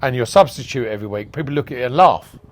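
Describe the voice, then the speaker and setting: A man's voice: medium pitch, racing. A man being interviewed on a podcast, chatting casually, telling stories, acting out conversations and laughing often. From England. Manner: chatty storyteller, acts out dialogue, laughs often. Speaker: podcast guest, events promoter.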